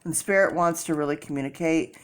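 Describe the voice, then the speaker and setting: Chatty low-voiced woman reading tarot. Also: brisk, clear, resonant tone. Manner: chatty, rambling, many fillers and restarts. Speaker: tarot reader.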